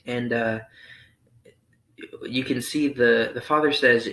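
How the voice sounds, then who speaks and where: A young man reading scripture aloud and explaining it in a relaxed youth Sunday school lesson, thinking aloud with frequent ums. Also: mid-range voice, slow pace, pauses often. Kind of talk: Bible reading and casual lesson. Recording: roomy echo.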